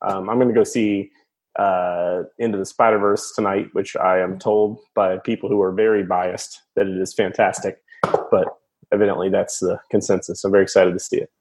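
A man's voice: sits low, flat delivery, moderate pace, darkish tone. A man co-hosting a podcast in casual, enthusiastic, playful chat. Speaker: podcast co-host.

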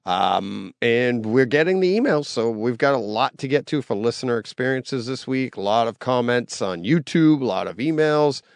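A man hosting a casual podcast, upbeat and animated and quick to laugh. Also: mid-range voice, gravelly, no echo. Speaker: podcast host.

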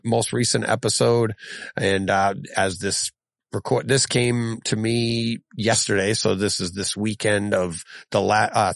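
A man hosting a casual solo podcast, reading listener mail in a rambling, self-correcting way and chuckling often, his voice going hoarse. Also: medium pitch, no echo. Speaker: podcast host.

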